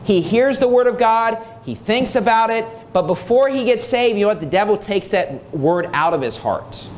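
A man's voice: high voice, lively intonation, moderate pace, slight background noise. Emphatic male preacher reading scripture. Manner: emphatic, repeats key phrases, reads scripture aloud. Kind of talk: sermon.

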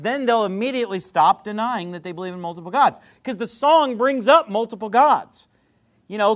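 High-voiced man preaching with emphatic storytelling. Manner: emphatic storytelling, swinging from loud outbursts to quiet asides. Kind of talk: sermon.

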